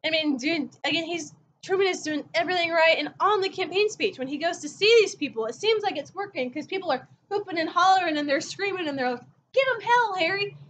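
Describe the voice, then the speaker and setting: Female history teacher, home-recorded lecture, animated storyteller, slight background hiss. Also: extremely high pitch, quick pace, hardly any pauses. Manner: chatty storytelling, acting out quotes. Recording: dull lo-fi recording.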